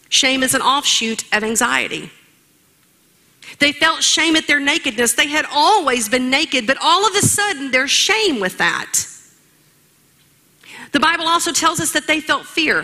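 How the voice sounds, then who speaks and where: A woman's voice: high-pitched, bright, forceful tone. A woman preaching a sermon in an emphatic, rhetorical way, speaking straight to her listeners.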